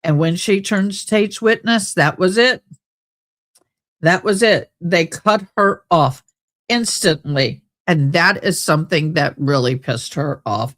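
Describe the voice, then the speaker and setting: A woman hosts a live stream, reading letters and recapping events in casual commentary. Her pace is very slow, her voice sits on the low side, and she talks in a loose, chatty way with drawn-out exclamations. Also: fairly bright tone.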